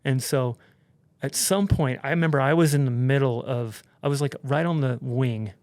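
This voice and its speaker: Man, podcast guest, animated storytelling, swears, fillers, dry close sound. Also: medium pitch, moderate pace, no room sound. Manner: animated, profane, heavy use of "like". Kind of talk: casual storytelling.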